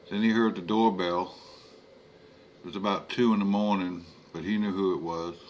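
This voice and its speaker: A man narrating a horror story in a slow, measured reading. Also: low voice, a little hiss or hum.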